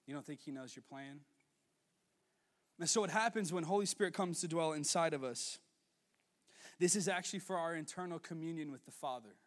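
A man in his twenties preaching a sermon as a youth pastor, telling stories with quick asides and laughs. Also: on the high side, long reverb tail. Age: 20s.

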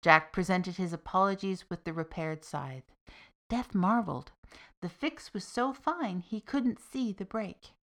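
A woman storyteller giving a steady, expressive reading of a folk tale for a podcast. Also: mid-range voice, a little slow. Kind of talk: scripted narration of a folk tale.

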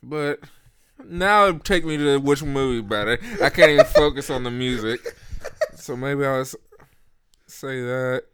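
A man co-hosting a casual movie chat, hesitant and thinking aloud with soft laughs. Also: medium pitch, measured pace, smooth. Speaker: co-host.

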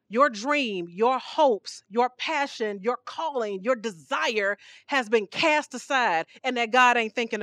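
A woman's voice: fairly high pitch, no echo, studio quality. A woman preaching a sermon on a podcast, emphatic and full of rhetorical questions, her voice rising and dropping. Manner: emphatic, rhetorical questions, animated swings in volume.

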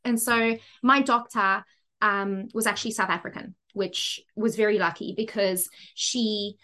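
A candid woman shares her life story as a podcast guest, talking frankly and with energy. She sits at a middling pitch and keeps reaching out to her listeners with quick asides and rhetorical checks. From Zimbabwe. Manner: frank and lively, with frequent asides and "right?".

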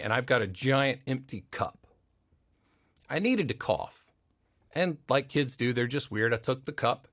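As a podcast guest, a man with a creaky, medium-pitched voice tells anecdotes energetically and performs the voices of the people in them. It's a casual storytelling chat, captured in studio quality with no room sound.

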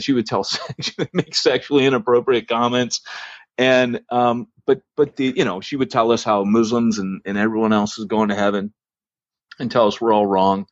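A man with a fairly low voice tells a story from his church in a relaxed, rambling way, pausing often on ums and uhs. The recording is dry and a little dull, with no room sound. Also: no room sound. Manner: anecdotal, lots of fillers and restarts. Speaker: church planting podcast host. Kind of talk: casual storytelling.

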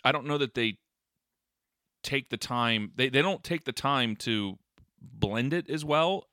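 Opinionated male podcast co-host, low but bright and forceful, stammery, dry close sound. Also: lively intonation, unhurried, dry recording. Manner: opinionated, stammers and repeats words. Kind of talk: casual chat.

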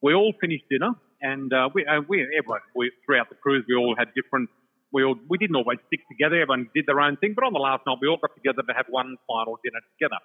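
A man telling an animated personal story, laughing often and acting out the other voices, from a shopping centre. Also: medium pitch, rapid-fire, husky. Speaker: storyteller guest. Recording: tinny phone line with long reverb.

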